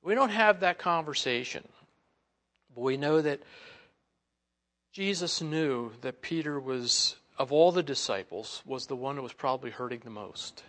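A man's voice: mid-range voice, animated, measured pace, fairly bright tone. A man preaching a sermon, telling a Bible story with acted-out quotes and frequent laughter. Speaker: pastor.

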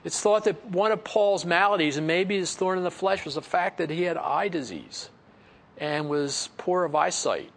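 A man's voice: high voice, moderate pace, fairly bright tone. A middle-aged man pastor teaching through a Bible passage in a conversational way, reading verses and then explaining them with asides and chuckles.

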